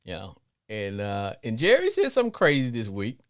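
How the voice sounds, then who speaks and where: A middle-aged man hosting a live football call-in show in a loose, rambling way. His pitch swings widely from low mutters to sudden high bursts, and he keeps stumbling over repeated words. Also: huge pitch swings, moderate pace, smooth. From Arkansas, with Louisiana family. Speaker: podcast host. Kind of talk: live sports call-in rant.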